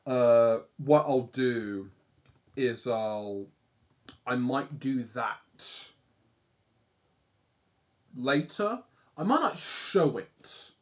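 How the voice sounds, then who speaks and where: A young Englishman rambles through a casual drawing livestream, self-deprecating and dropping the odd swear word. His voice sits at an ordinary middle pitch, and his English accent comes through plainly. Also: expressive, very slow, long pauses. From England. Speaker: art streamer.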